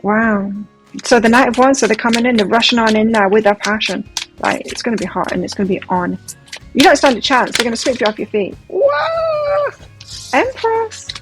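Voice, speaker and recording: An excitable woman gives a pick-a-card tarot reading, gasping and exclaiming as each card turns up. Her voice sits at an ordinary middle pitch. Soft music plays faintly behind her. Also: fast, poor audio. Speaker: tarot reader.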